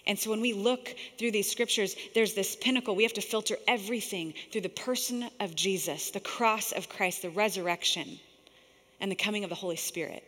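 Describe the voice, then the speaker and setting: A woman preaching a sermon in a lively, conversational way, often laughing and dropping to a whisper for quoted lines. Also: mid-range voice, fairly quick. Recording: long hall reverb.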